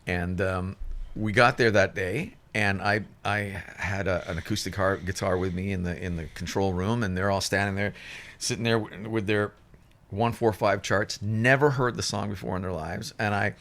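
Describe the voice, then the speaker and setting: Deep-voiced man telling studio stories. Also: steady tone, moderate pace, fairly bright tone. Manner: rambling, with many restarts and fillers; acts out other people's lines in shifted voices. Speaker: musician guest. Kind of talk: casual storytelling.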